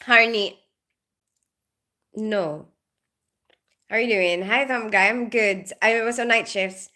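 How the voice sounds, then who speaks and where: Just up after working night shifts, a middle-aged nurse greets her livestream viewers by name and giggles often. Her mid-range voice is slow, bright, and forceful in this casual chat.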